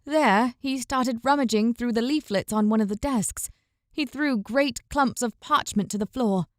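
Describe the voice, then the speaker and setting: A woman narrating a fantasy audiobook in a measured, even storytelling manner. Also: fairly high pitch, dry recording. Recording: dry, close recording.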